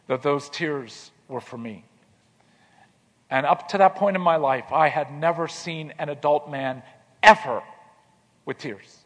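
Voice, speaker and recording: Man, earnest storyteller, repeats words at starts, softens in tender parts, slightly high voice. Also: husky, big-room sound. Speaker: speaker telling his life story. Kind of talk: personal storytelling talk.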